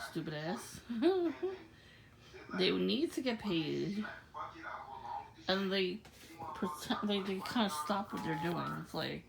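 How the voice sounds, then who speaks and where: A woman's voice: medium pitch, animated, slow pace, creaky, long pauses, a crowd in the background, poor audio. A woman talking casually to camera, laughing often as she rambles through a story. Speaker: vlogger. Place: outdoors at night.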